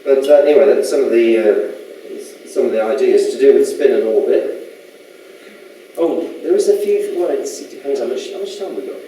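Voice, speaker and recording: A man with a dark, medium-pitched voice speaks at a normal pace, giving a casual public lecture that rambles chattily and often turns questions to the audience. He's in a lecture room, recorded from far off in an echoey hall with faint noise.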